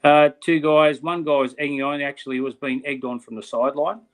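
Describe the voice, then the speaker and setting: Slightly high and brisk, with little pitch movement, this middle-aged Australian man co-hosts a casual podcast. He talks bluntly and passionately and uses "mate" frequently.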